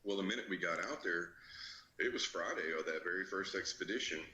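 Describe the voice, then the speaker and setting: A man being interviewed, recounting an expedition in a slow, halting way with many fillers. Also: low-pitched. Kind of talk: storytelling in an interview. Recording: bright, echoey room with faint background noise.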